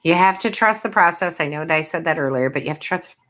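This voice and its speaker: Low-voiced woman chatting on a tarot live stream. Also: expressive, quick pace, fairly bright tone. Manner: affectionate, calls viewers love and sweetheart; chatty, laughs often. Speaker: tarot reader and medium.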